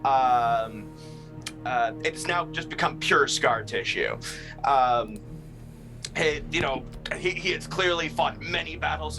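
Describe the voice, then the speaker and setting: A man describes his tabletop game character slowly, stopping often to search for words. His voice is slightly high, and music plays clearly behind him. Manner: halting, filler-heavy description. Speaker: player.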